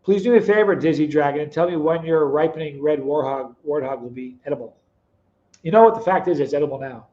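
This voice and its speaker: A middle-aged man with a fairly high voice hosts a casual live stream. He chats and teases his viewers by name. The sound is dull and a little lo-fi. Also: fast talker. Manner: chatty, teasing viewers by name, storytelling. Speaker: live stream host reading chat. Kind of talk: casual chat.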